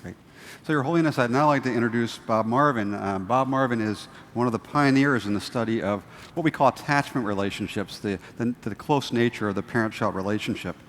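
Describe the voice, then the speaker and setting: A man moderating a panel, giving a measured formal introduction with frequent hesitations. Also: mid-range voice, a little hiss or hum. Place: large lecture hall. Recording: distant mic in a large reverberant hall.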